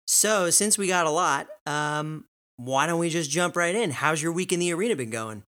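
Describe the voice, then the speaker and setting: A man's voice: a little high, lively intonation, moderate pace, sharp tone. A man hosting a casual gaming podcast, dry and teasing with his co-host. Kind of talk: casual chat.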